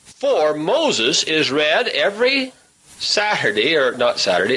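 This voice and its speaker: Bright-voiced man teaching Bible study. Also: fairly high pitch, huge pitch swings, breathy edge, low-quality recording. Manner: poses rhetorical questions to listeners; hurried, says he must talk rapidly.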